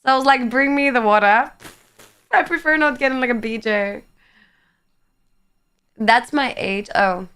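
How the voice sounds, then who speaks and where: Slow-talking bright-voiced young woman streamer. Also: on the high side, clear, resonant tone. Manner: playful, teasing, swears casually. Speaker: livestreamer. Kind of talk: casual chat reading viewer comments.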